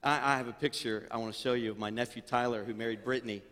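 A male pastor preaching a sermon, swinging between fervent, near-shouted passages and quiet, chatty storytelling. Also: mid-range voice, steady tone, quick pace, in a large hall. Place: church sanctuary.

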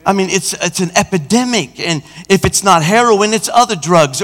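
Man, pastor, lively preaching, slightly high voice, long hall reverb. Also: normal speed, few pauses. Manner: animated preaching, acts out an anecdote. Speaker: senior pastor. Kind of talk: sermon.

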